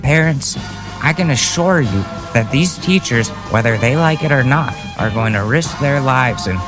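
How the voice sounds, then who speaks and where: A man putting on a loud, sneering impression of a smug, callous big-city mayor giving a mock address. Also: medium pitch, lively intonation, moderate pace, over music, natural voice.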